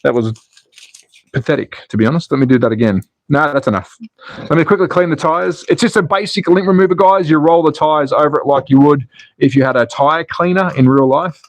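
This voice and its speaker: A man's voice: a little high, brisk, no echo. An Australian man hosting a slot car racing livestream, calling the races and chatting to viewers in a jokey, casual way. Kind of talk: live race commentary and viewer chat.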